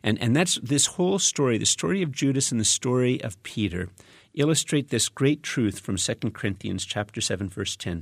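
A man's voice: medium pitch, expressive, moderate pace, gravelly, slightly rough, dry recording, clean studio sound. A man preaching a reflective, conversational sermon, reading scripture aloud and explaining it with casual asides. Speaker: pastor.

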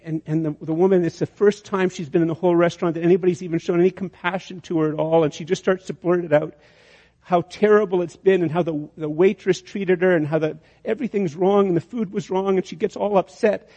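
A man's voice: high-pitched, steady tone, fast, warm tone. A man preaching a sermon, telling a long illustration with many restarts and building to emphatic peaks. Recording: dull sound with long hall reverb.

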